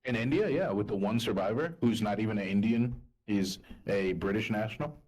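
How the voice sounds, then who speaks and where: A man co-hosting a casual podcast, talking in an animated way, swearing freely and laughing often. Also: on the low side, a little fast, rough recording. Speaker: podcast co-host. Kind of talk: casual banter.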